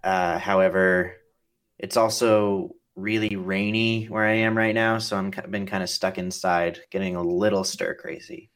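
Low-voiced male podcast host. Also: steady tone, normal speed, fairly bright tone. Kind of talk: casual interview conversation.

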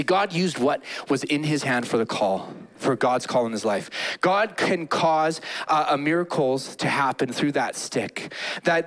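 A man preaching a sermon as a pastor in a church, animated, acting out quotes with playful voices. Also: fairly high pitch.

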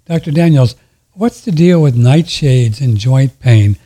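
A man's voice: medium pitch, lively intonation, measured pace, mellow. A man hosting a talk show, relaying listener questions with short reactions. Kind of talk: casual radio talk.

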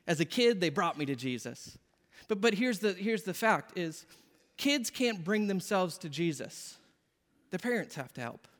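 A man's voice: sits high, big pitch swings, unhurried, fairly bright tone, long reverb tail. A man in his thirties, a pastor, giving an earnest, conversational sermon in a church. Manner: earnest, conversational preaching with quoted asides. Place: church sanctuary.

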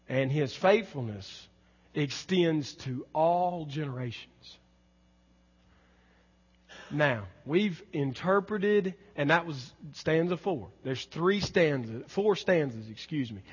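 Slow, emphatic preacher in a reverberant hall. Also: male voice, breathy edge. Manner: emphatic preaching, swinging from loud exclamations to soft low lines. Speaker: pastor. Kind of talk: sermon. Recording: dull sound with long hall reverb.

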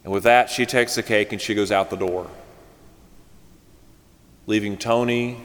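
A man preaching a sermon, telling a story in a lively, conversational way before turning to his congregation. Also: lowish voice, measured pace, pauses often. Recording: reverberant church hall.

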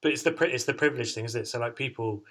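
Male podcast host, bright tone, chatty and laughing. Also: medium pitch, very fast. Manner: chatty, laughs often, jokey. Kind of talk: casual chat.

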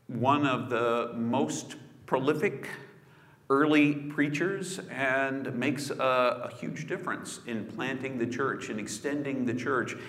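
A man's voice: medium pitch, a bit bright. A man preaching a sermon in a conversational storytelling way, with casual asides. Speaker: pastor. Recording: echoey hall with long reverb.

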